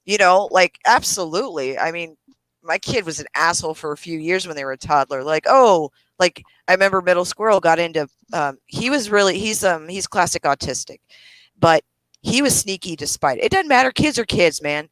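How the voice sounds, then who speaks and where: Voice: mid-range voice, animated, a little fast, a bit bright, no echo, poor audio. A middle-aged speaker chats casually on a stream, swearing freely as they spin family stories. The voice sits in a middle range and sounds close and completely dry, with no room around it. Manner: laid-back storyteller, swears freely. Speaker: live stream co-host. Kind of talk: casual chat.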